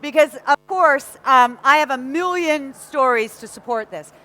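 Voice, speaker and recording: A woman from England with a North American accent, giving a lively motivational talk to a live audience and often asking them questions. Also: high-pitched, measured pace. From Nottingham, England. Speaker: motivational speaker.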